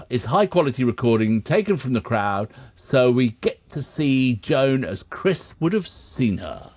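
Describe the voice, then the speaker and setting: A man's voice: medium pitch, darkish tone, dry recording. A man co-hosting, chatting casually and reading from notes, often laughing and steering the talk back on track. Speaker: co-host of a music reaction channel.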